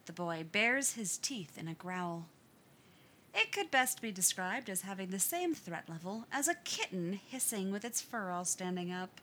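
Brief: female reader of fan fiction, expressive, unhurried, bright tone. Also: fairly low pitch. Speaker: story reader. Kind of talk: audiobook narration of fan fiction.

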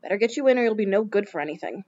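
A woman's voice: mid-range voice, lively intonation, rapid-fire, a little mellow, highs cut off. A woman playing a dry, drawling demon man. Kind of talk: audiobook character reading.

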